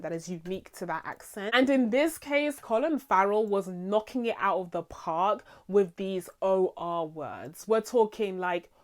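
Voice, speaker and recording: A young adult woman hosting a casual series review, enthusiastic and laughing often, with many fillers. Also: mid-range voice. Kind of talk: casual chat.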